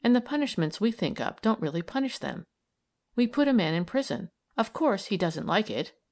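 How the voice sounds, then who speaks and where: A woman voicing a calm, kindly young woman detective who speaks gently and earnestly. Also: medium pitch, moderate pace.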